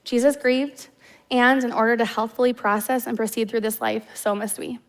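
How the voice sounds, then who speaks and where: A woman's voice: on the high side, steady tone, normal speed. Heartfelt woman preaching a personal sermon. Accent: Midwestern American. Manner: heartfelt storytelling with casual fillers. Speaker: guest preacher. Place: church stage.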